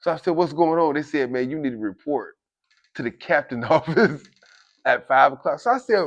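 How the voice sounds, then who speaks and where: A man recounts prison life to camera in a casual, animated way, often turning to address his listeners and acting out the voices of guards and inmates. His voice is a little high and a little fast, and the sound is lo-fi.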